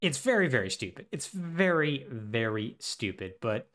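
A man co-hosting a podcast, recapping a game with animated, sarcastic storytelling. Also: mid-range voice, normal speed. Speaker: podcast co-host.

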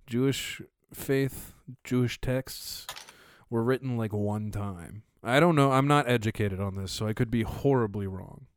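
A man's voice: medium pitch, a little slow, no room sound, studio quality. A young man in casual chat, loose and jokey, swearing freely.

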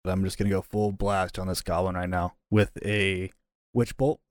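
Lowish guy playing a tabletop game, eager and plain, dry close sound. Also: flat delivery, normal speed, no echo. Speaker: player. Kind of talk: casual tabletop game chat.

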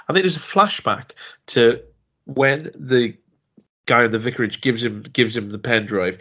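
A man's voice: mid-range voice, normal speed, bright, forceful tone, dull audio. A man co-hosting a podcast, chatting casually about a TV series, rambling with restarts and acting out lines. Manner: rambling, restarts often, acts out quoted lines. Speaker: podcast co-host. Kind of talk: casual chat reviewing a TV series.

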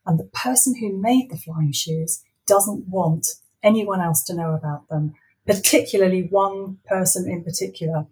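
A woman author reads her own story in an animated, playful storyteller's manner, then chats casually about it with fillers and laughter in her talk. Her voice sits a little low. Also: normal speed, rough recording. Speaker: children's author. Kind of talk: reading her story aloud and chatting.

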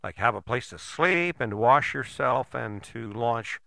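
A man's voice: medium pitch, lively intonation, unhurried, creaky, bright, forceful tone, no room sound. An older man giving a casual motivational talk, folksy and blunt, often checking in with "right?".

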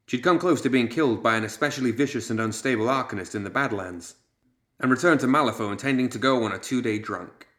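A man reading a story aloud as audiobook narrator, measured and steady. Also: medium pitch, roomy sound.

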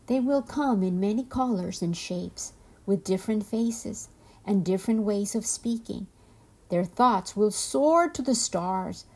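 Woman voicing an old turtle, wise, calm, hushed, slow, mellow. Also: mid-range voice. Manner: slow, soft and measured.

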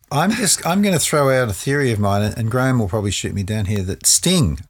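A man from the UK co-hosting a casual music podcast, quick with teasing quips and theories. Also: mid-range voice, lively intonation. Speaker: podcast co-host.

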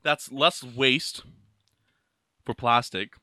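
A man co-hosting a podcast in casual chat, blunt, with constant swearing and loud riffs. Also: medium pitch, extremely slow, dry recording, clean studio sound. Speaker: podcast co-host.

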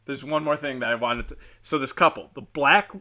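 A man's voice: medium pitch, moderate pace, noisy background. A man hosting a podcast, telling a show's story in a rambling, profane, joking way. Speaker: podcast host. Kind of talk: casual rambling show recap.

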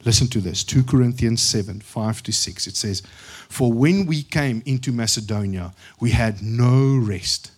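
A man preaching a sermon. He moves from slow, quiet scripture reading to loud, excited storytelling. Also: mid-range voice, husky. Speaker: pastor.

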